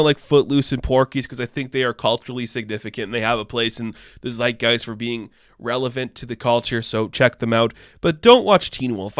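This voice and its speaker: A man's voice: mid-range voice, fairly bright tone, smooth, no echo. A young man hosting a podcast, ranting in a casual, profane, exasperated way, recorded on a close mic. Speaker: podcast host.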